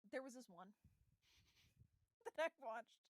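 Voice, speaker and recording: A woman co-hosting a podcast, retelling a story in casual chat, animated and laughing often as she acts out the quoted lines. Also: fairly high pitch, slow pace, no echo, poor audio. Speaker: podcast co-host.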